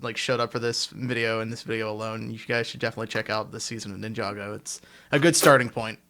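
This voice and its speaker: A man's voice: on the low side, fairly even intonation, quick pace, pushed and bright. A man hosting a casual fan podcast over a call, teasing his co-hosts in joking banter. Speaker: podcast host. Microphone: own mic on a voice call.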